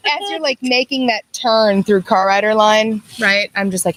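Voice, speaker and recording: A woman co-hosting a casual chat, quick and blunt with dry jokes. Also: mid-range voice, a bit bright, rough recording. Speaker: co-host.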